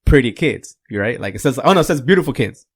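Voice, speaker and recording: A man's voice: mid-range voice, animated, fast talker, breathy edge. A man whose first language is Spanish, a podcast guest telling a long joke in casual chat and laughing mid-sentence.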